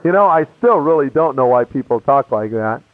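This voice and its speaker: A man with a mid-range voice and a brisk pace tells the story of how he converted, giving it as a testimony. He stays casual and animated, performing each person's voice, and the audio comes across tinny, phone-like and dry, without room sound.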